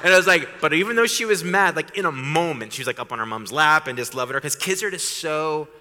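Man preaching with bright hall reverb. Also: fairly high pitch, lively intonation, fast talker. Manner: casual storytelling, rising to an emphatic preaching build. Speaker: pastor. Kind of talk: sermon. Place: church sanctuary.

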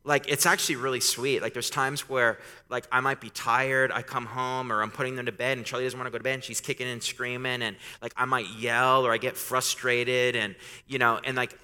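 Man preaching with bright hall reverb. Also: mid-range voice, little pitch movement, a little fast, few pauses, clear, resonant tone. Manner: casual storytelling, rising to an emphatic preaching build. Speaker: pastor. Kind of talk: sermon. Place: church sanctuary.

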